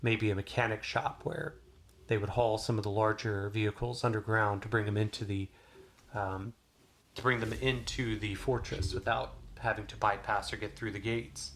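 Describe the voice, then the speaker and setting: A man narrating a solo tabletop game as game master, relaxed, with many filler sounds. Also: on the low side, normal speed, a little hiss or hum. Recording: voice over clear background music.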